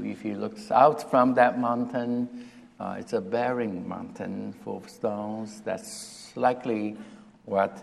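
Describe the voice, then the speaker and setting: A man preaching a sermon, retelling a scripture story in a deliberate, halting way with restarts and emphasis. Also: lowish voice, creaky. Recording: long reverb of a hall.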